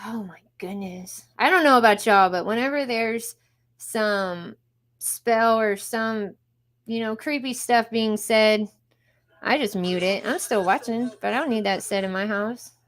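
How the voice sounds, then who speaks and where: A woman's voice: on the high side, unhurried. A young woman live streaming, chatting casually to her viewers as she reacts to videos.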